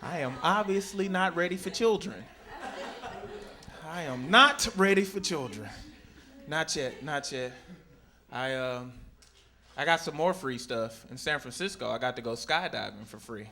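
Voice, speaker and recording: A man performing a stand-up comedy set on a club stage, telling animated stories and jumping into shrieking high voices for his characters. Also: a little slow. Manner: animated storytelling, sudden high-pitched shrieks in acted quotes. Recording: live club recording with crowd laughter.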